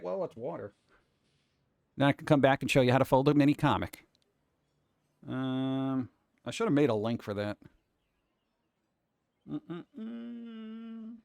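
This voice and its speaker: A man's voice: medium pitch, no room sound, clean studio sound. A man chatting casually on a livestream, rambling as he works and talking viewers through steps. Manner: rambling, talks to chat while doing tasks; hands-on, step-by-step instructions. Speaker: livestreaming artist.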